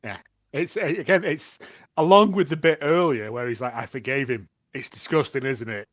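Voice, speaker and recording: A man's voice: mid-range voice, moderate pace, fairly bright tone, dry recording. A man co-hosting a casual podcast, talking hesitantly with many fillers. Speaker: podcast co-host. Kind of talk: casual chat. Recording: dull lo-fi mic.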